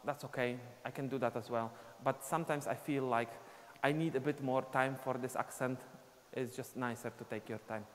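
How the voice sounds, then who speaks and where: A man's voice: medium pitch, fairly even intonation, normal speed, hardly any pauses. A man teaching a live online dance class, explaining steps and counting beats aloud as he dances. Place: dance studio. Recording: long reverb, faint ambient noise.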